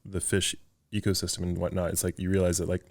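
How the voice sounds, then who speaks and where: A man's voice: low-pitched, monotone. A man co-hosting a podcast in a home, rambling casually and filling his talk with "like". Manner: rapid and rambling, full of likes. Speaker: podcast co-host. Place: living room of a home.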